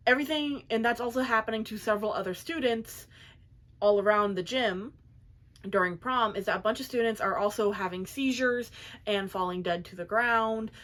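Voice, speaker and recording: Young woman book reviewer, chatty, loose and animated, mid pitch. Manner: chatty, filler-heavy, animated. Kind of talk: casual plot recap.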